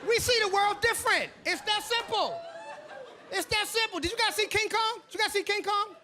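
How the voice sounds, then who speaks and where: A man's voice: very high-pitched, a little fast, sharp tone, a faint crowd. A man performing a stand-up comedy set, telling stories and acting out the people in them. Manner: storytelling, acts out characters, playful.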